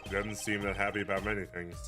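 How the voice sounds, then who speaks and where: A man's voice: lowish voice, little pitch movement, fast, natural voice. A man voicing a grumpy, sarcastic young woman detective with a dry, irritable manner. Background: game music.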